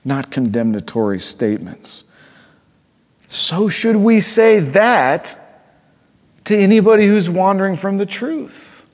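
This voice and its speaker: A man preaching a sermon with earnest conviction, dropping to a hush and then rising to fervent emphasis. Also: high voice, animated, slow pace. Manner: earnest, swings from hushed to fervent. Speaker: pastor. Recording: long hall reverb.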